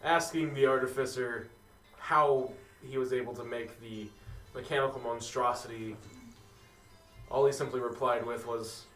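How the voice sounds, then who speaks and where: A man running a tabletop game as game master, narrating in a relaxed way with many "uh" and "so" fillers. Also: medium pitch, normal speed. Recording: roomy, distant mic, faint music.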